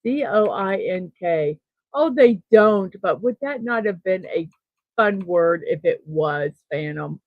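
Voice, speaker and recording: A middle-aged woman hosts a relaxed morning stream, thinking aloud as she reads out chat messages. She talks at an unhurried pace and laughs softly now and then. The sound is dry and a little dull, like a simple home setup. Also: fairly low pitch, no room sound. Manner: slow, chatty, thinking aloud, with soft laughs. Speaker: host of a daily morning livestream. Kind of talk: casual livestream chat, reading chat messages.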